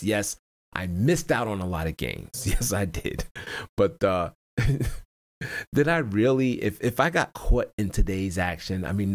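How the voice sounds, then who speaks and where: Rambling man with low, lively voice. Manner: rambling, repeats words and backtracks; chuckles between points. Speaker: stock trading YouTuber. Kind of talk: casual screen-share market commentary.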